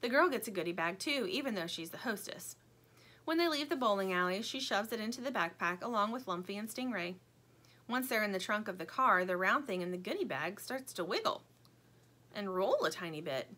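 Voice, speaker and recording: Lively bright-voiced woman reading a story. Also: mid-range voice, brisk. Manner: expressive, playful storytelling. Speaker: audiobook narrator. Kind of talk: children's book reading.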